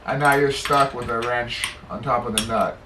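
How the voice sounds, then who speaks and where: A man's voice: mid-range voice, fairly even intonation, normal speed, noisy background. A man working on a car, explaining the repair step by step in a casual, self-deprecating way and muttering to himself as he works. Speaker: mechanic demonstrating a repair. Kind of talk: casual how-to narration while working. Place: garage workshop. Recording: roomy garage, mic far off, clanking tools.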